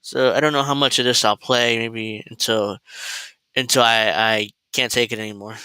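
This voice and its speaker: A male host riffs through a political commentary livestream, sarcastic and rambling, with plenty of fillers and restarts. His voice is bright and crisp. The sound is dry and close. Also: mid-range voice, steady tone, normal speed, dry recording, low-quality recording.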